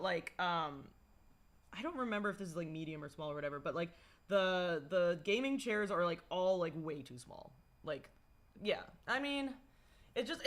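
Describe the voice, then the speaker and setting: A young woman streamer talks straight into her desk mic in a bright, forward voice gone a little hoarse. She rambles, loses her thread and swears offhandedly. She breaks off now and then to greet her chat. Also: mid-range voice. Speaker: livestreamer. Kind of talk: casual livestream chat.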